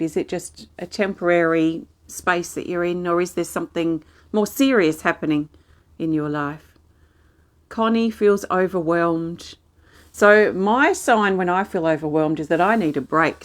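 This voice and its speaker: A gentle woman hosts a live support stream, answering viewers one by one in a soft, reassuring manner. Her voice sits a little low for a woman. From Australia. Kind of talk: casual live-stream chat reading viewer comments.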